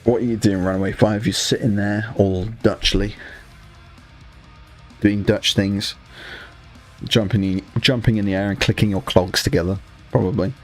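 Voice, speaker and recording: Speaking in a lowish voice with fairly even intonation, this young British man keeps a moderate pace and pauses often. He's a hobby streamer with a British accent, chatting casually, bantering with his viewers and swearing, while soft music plays underneath.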